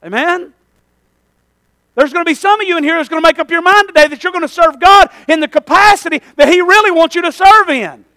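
A man's voice: very high voice, fairly quick, sharp tone, dry recording. A man preaching a fervent sermon as pastor, calling for amens and using folksy slang.

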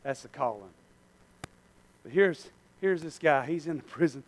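A man preaching a sermon, fervent and swinging between hushed and shouting. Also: fairly high pitch, expressive, moderate pace.

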